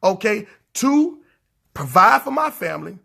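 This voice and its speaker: A man's voice: sits high, very animated, a little slow, gravelly, bright, forceful tone. A man preaching a livestreamed sermon in a fiery, repetitive, scolding way, stretching words out for emphasis.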